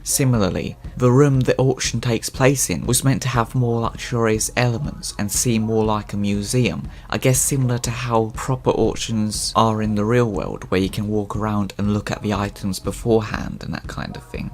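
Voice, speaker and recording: Low-voiced man musing through game lore. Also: steady tone, moderate pace, hardly any pauses. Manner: musing, with offhand personal asides. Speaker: game lore video narrator. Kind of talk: scripted commentary narration.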